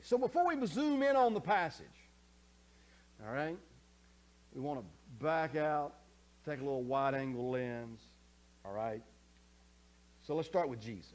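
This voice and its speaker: A man preaching a sermon as pastor, conversational, often checking in with the congregation, swinging from soft asides to loud emphatic scripture quotes. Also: medium pitch, creaky, breathy edge. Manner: animated, conversational preaching with frequent check-ins.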